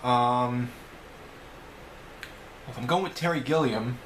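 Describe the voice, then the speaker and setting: A man with a New York accent talks casually to his camera, rambling and correcting himself as he works through a list of questions. His voice sits at an ordinary middle pitch. The room around him is roomy and echoing, with a faint hum of ambience behind. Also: slow, a bit bright. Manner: rambling, self-correcting, chatty. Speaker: video blogger. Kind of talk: casual vlog answering questions. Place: home room.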